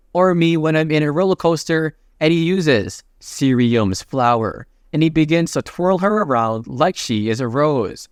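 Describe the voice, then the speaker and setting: A man narrating a comic recap in a casual, jokey play-by-play with quick asides. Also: a little high, smooth, no room sound, studio quality.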